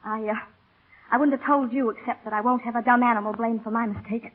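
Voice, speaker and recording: Brief: actress as a glib, flippant young heiress, 1930s radio play, high quick delivery. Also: female voice, steady tone, lightly acted. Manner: flippant, brushes off worry. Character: headstrong, glib young society woman. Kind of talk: 1930s radio drama acting. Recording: tinny old radio broadcast.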